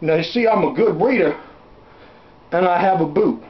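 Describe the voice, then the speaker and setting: A man's voice: sits high, moderate pace, slight background noise, natural voice. A man playing a crude, blustering backwoods salesman who rambles and curses while hawking junk, in a comic home-video sketch. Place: indoors at home. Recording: roomy, dull home camera audio.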